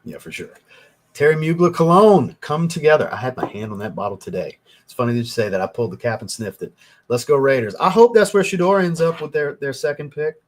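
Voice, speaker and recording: With a fairly high, expressive voice and a brisk pace, a young man hosts a casual livestream reviewing fragrances. He reads comments from viewers, rambling and cursing once he's worked up.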